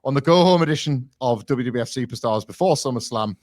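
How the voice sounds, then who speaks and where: A man's voice: mid-range voice, expressive, quick pace, darkish tone, no room sound. A man co-hosting a podcast, recapping old events in a wry storytelling manner. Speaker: podcast co-host. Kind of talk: casual podcast chat.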